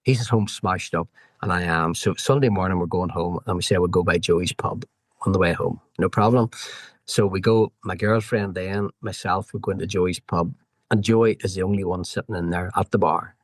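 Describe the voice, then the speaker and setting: A middle-aged man with a Northern Irish accent, a podcast guest telling animated anecdotes full of quoted back-and-forth dialogue. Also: deep voice, moderate pace, no echo. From Northern Ireland. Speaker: guest, former road racer. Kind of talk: storytelling in a podcast interview.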